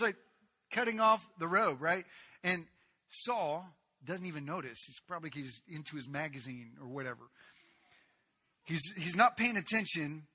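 A man preaching a sermon, retelling a Bible story in a lively way with casual asides. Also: a little high, husky.

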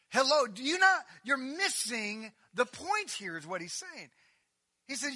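A male preacher delivering a sermon with animated, emphatic energy, swinging from loud declarations to hushed asides. His voice is high and cutting, very bright and forceful. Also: normal speed, long reverb tail.

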